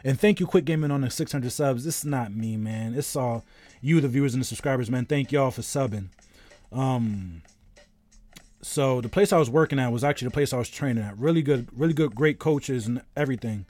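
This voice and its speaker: A man's voice: medium pitch, fairly quick, a little mellow, dry recording. A man around thirty, a game streamer in casual live-stream chat, telling a rambling story while greeting viewers.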